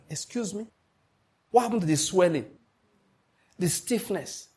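A man preaches as pastor in a darkish, breathy-edged voice that sits on the high side. His preaching is emphatic, with points underlined and questions put to the congregation for a response.

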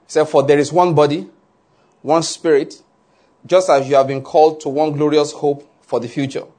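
Male preacher, husky voice on the high side, animated sermon delivery, keeps asking the crowd if they get it. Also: normal speed. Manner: animated, asks "are you getting my point?" often, laughs along. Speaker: pastor.

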